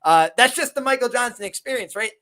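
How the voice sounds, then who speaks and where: A man appearing as a podcast guest, telling a quick anecdote in a lively, casual way. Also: very high voice, a little hiss or hum. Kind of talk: casual storytelling chat.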